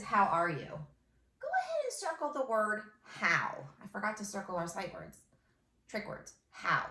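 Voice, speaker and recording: A young adult woman teaching a first grade phonics lesson, encouraging and sing-song, stretching out sentences slowly as she dictates them. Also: medium pitch, a bit bright. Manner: slow, drawn-out dictation of sentences. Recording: echoey room.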